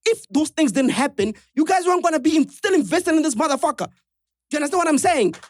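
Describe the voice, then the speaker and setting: A man's voice: extremely high pitch, expressive, fast talker, no echo, clean studio sound. A man hosting a live podcast, talking bluntly to the audience and swearing freely.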